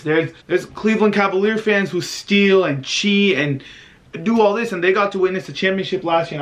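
A man's voice: high voice, normal speed. Exasperated young man ranting. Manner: exasperated, ranting, self-pitying. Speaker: vlogger. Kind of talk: venting sports reaction vlog. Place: home at night.

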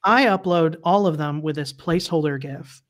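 A woman's voice: low voice, moderate pace. A woman guest on a livestream interview, chatting casually and laughing often as she explains things.

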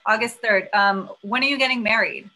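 A woman hosting a casual live interview, playful and teasing, quick to laugh. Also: fairly high pitch, pushed and bright, poor audio. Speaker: interview host.

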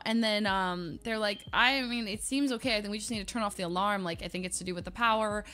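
A young woman streamer dramatically telling a story to her chat, excitable and laughing often. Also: a little high, a little fast.

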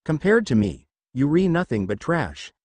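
A man's voice: fairly high pitch, very animated, moderate pace, darkish tone, dry recording. A man voicing an arrogant, overpowered young female ninja warrior, contemptuous and cold. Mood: scornful.

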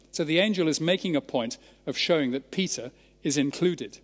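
A Scottish man delivers a measured, emphatic sermon with a slightly raised voice. His words hang in the long reverb of a large church. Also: a little high. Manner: measured, emphatic Bible exposition. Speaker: preacher.

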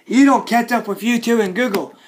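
A man vlogging an angry, repetitive rant, often shouting and scolding. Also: very high voice, a little fast, background noise.

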